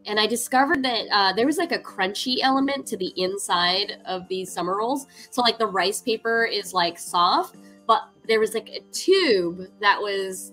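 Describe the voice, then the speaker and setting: A woman's voice: mid-range voice, pushed and bright, low-quality recording. A woman hosting a cooking livestream, chatting casually and upbeat with her viewers, laughing often and using lots of "like". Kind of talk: casual chat to stream viewers.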